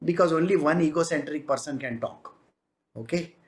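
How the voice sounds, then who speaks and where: Speaking at normal speed with a medium pitch, this spiritual teacher delivers a devotional talk in an Indian English accent. It's conversational and animated, full of laughter and Hindi asides, with the characters in each story acted out.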